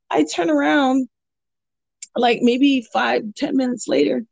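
A woman with a higher voice and a gravelly, fry-heavy edge chats on a podcast. She coaches jiu-jitsu and tells her stories in an animated, rambling way. She fills her talk with "you know" and restarts her sentences. The sound is close and dry. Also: no room sound. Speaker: jiu-jitsu purple belt and kids' coach. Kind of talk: casual podcast chat, storytelling.

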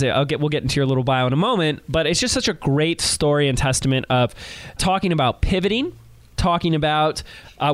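A man's voice: a little high, no room sound. Upbeat male podcast host, dry mic. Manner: upbeat, emphatic, friendly. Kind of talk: enthusiastic podcast hosting.

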